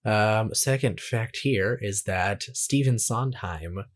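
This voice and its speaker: A man with a fairly low voice speaks slowly as he co-hosts a casual movie review podcast. He reads out trivia hesitantly, often restarting his phrases.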